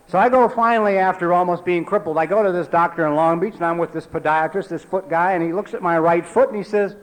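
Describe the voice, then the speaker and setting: A man in his forties telling a personal recovery story at a meeting, talking conversationally with lots of "you know" and dropping low and quiet for emphasis. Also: animated, fairly quick, low-quality recording. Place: meeting hall.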